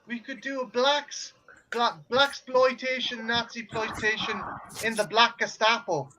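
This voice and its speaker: A man's voice: extremely high pitch, steady tone, a little slow, pushed and bright, a little hiss or hum, poor audio. A man co-hosting a casual podcast chat, joking and often restarting his sentences. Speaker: podcast co-host.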